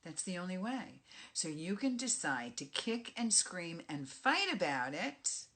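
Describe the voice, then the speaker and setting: A woman's voice: fairly low pitch, very animated, a little slow, bright, forceful tone. A middle-aged woman with a New York accent, a life coach giving a direct, emphatic motivational talk. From Bronx, New York. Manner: emphatic and direct, punches key phrases. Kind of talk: motivational monologue.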